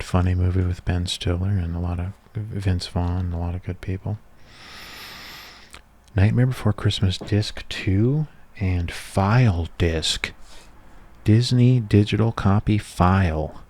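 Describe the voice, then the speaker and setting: Deep-voiced man in soft ASMR chat. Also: steady tone, measured pace, a little hiss or hum. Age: 30s. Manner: rambling, nostalgic, casual. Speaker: ASMR creator.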